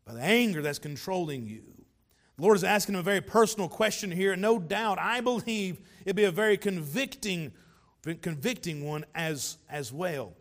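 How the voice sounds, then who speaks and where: A pastor preaches in a high, light voice. He talks earnestly and breaks off for small joking asides. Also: animated, moderate pace, fairly bright tone. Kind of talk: sermon.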